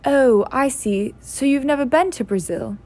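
A woman reading aloud and voicing a polite, curious young boy in a gentle, slightly lifted voice. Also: high-pitched, normal speed, voice pushed up. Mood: earnest.

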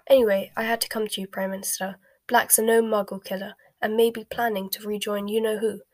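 A woman reading a storybook aloud and voicing a flustered, pompous male wizard minister in a louder, brisk voice. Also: mid-range voice, flat delivery, dry recording, lightly acted. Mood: brusque. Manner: blustering and brisk, louder than the narration.

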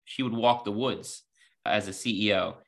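Bright-voiced man telling interview stories. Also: fairly low pitch, moderate pace, vocal fry. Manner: earnest, sprinkled with "you know" fillers. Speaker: podcast guest, healthcare executive. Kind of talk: reflective interview storytelling.

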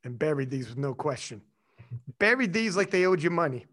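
A man's voice: a little high, big pitch swings, a little fast, a bit bright. A man hosting a casual interview, walking his guest through her story with playful asides and frequent laughs. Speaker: podcast host.

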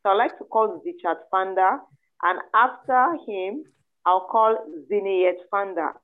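A woman's voice: mid-range voice, a little slow. Woman hosting a zoom thing, polite, a bit unsure, sounds like a phone line. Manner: polite, hesitant, careful with names. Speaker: host of the online event. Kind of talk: moderating an online event. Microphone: online call audio. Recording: tinny phone-like call line.

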